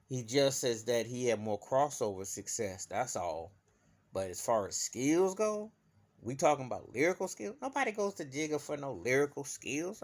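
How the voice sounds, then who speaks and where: Man, vlogger, emphatic rant, loud bursts, muttered asides, mid-pitched voice. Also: animated, moderate pace. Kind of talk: opinion rant to camera.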